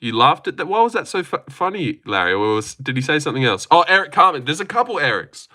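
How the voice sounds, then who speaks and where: A man's voice: on the high side, very animated, fast, pushed and bright. A young man rambling casually on a live stream, reading chat aloud and teasing viewers. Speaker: livestreamer.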